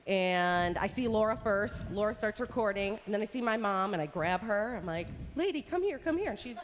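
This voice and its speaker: A woman from Southeast Wisconsin, a radio guest telling a story in a lively, chatty way. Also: mid-range voice, big-room sound, a little hiss or hum, low-quality recording. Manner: lively, chatty, quick bursts. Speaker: guest caller on radio show. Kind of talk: casual storytelling. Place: resort hotel on location.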